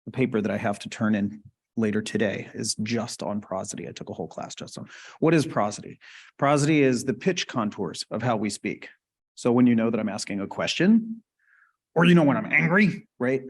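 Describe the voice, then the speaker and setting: A man's voice: lowish voice, brisk, slightly rough. A man giving a conversational lecture in a webinar, casually explaining and often checking in with "right?" and questions to the audience. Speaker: webinar presenter.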